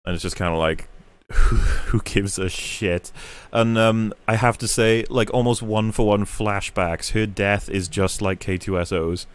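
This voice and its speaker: Man, lowish pitch, podcast host, rambling, swears a lot, animated retelling. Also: normal speed, hardly any pauses, clear, resonant tone. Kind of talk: casual podcast discussion.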